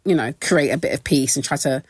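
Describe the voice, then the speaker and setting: Low-voiced British woman gossiping animatedly. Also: brisk, slightly rough, no room sound. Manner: animated, laughing, expressive pitch jumps. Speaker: reality TV recap vlogger. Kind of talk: casual gossipy commentary.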